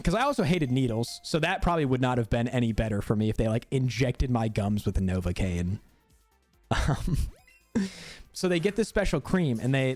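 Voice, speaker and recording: A young man streams while gaming, casually telling a story in an animated way, cursing freely and laughing a lot. His voice is on the high side.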